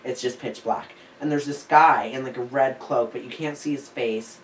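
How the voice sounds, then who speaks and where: A man's voice: mid-range voice, fairly even intonation, moderate pace. A young man telling a story in a casual chat, rambling with lots of "like" fillers. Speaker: podcast co-host. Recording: echoey room, distant mic, faint hiss.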